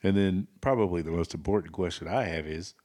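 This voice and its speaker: A man co-hosting a casual podcast chat, rambling and laughing, often trailing off into quiet asides. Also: deep voice, fairly quick. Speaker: podcast co-host.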